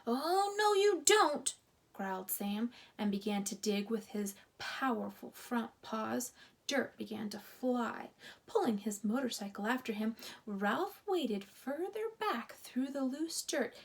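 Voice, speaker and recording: A woman reading a children's book aloud in a relaxed storytime manner, with playful asides to listeners. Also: on the high side, unhurried, creaky. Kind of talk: casual read-aloud storytime.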